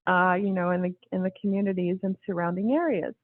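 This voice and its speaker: A woman guest telling a story in casual conversation, with an animated way of talking. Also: lowish voice, fast talker, dry recording. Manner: animated, acts out quoted voices. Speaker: interview guest. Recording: tinny phone-line sound, dry.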